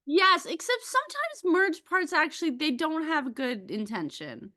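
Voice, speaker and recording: A woman's voice: high voice, big pitch swings, measured pace, sharp tone. A woman co-hosting a parenting podcast, speaking openly and reflectively about her own inner life. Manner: open, reflective, self-disclosing. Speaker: podcast co-host. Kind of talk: reflective conversational chat.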